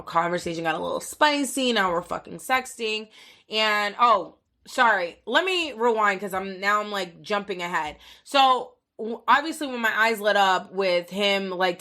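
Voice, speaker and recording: Woman podcast host, twenties, slightly low voice, bright and forceful, profane rambling storyteller. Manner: profane, rambling, heavy filler words. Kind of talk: casual storytelling monologue.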